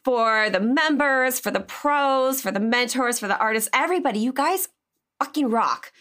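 A woman's voice: fairly high pitch, expressive, moderate pace, fairly bright tone. A woman co-hosting a casual chat, effusive and laughing, fighting back tears as she thanks her community. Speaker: community founder and co-host.

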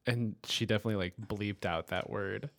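A man's voice: lowish voice, steady tone, a little fast, vocal fry, fairly bright tone, dry recording, studio quality. A man co-hosting a podcast in a casual chat, earnestly laying out his points one by one and stumbling on a word now and then. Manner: earnest, explains points in lists, some stammering. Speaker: podcast co-host.

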